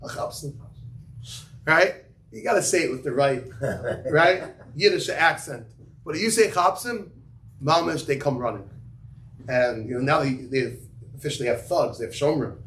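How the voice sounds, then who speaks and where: A man's voice: medium pitch, moderate pace, a bit bright. Man teaching a casual Torah class. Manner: storytelling, many fillers, Yiddish and Hebrew terms. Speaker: yeshiva teacher giving a class. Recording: echoey room, faint ambient noise.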